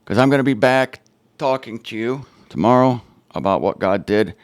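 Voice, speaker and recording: A man's voice: medium pitch, expressive, normal speed, clear, resonant tone, dry recording. A man hosting his own show, teaching on the Bible in an informal, emphatic way with wry, sarcastic asides.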